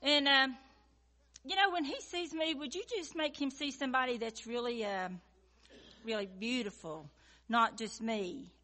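A woman's voice: high voice, measured pace, bright, forceful tone. A young woman rambling through a comic prayer with lots of fillers and casual requests. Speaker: praying woman in a skit.

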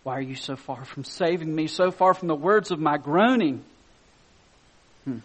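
A man preaching a sermon, reading scripture softly and then rising to loud, excited emphasis, chuckling between points. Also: a little high, normal speed.

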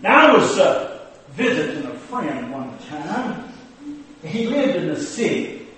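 Preacher comic, folksy drawl, high voice, echoey hall, mic far off. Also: male voice, big pitch swings, takes it slowly, fairly bright tone, a little hiss or hum. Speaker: preacher character.

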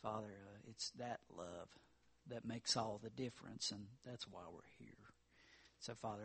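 Casting: husky male pastor, earnest sermon delivery, mid-range pitch. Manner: earnest preaching, rises in pitch for emphasis.

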